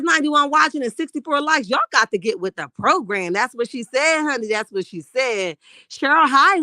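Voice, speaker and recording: A woman's voice: a little high, dry recording, studio quality. Sassy woman hosting a live chat. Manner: animated, sassy, calls viewers honey. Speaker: livestream host reading chat.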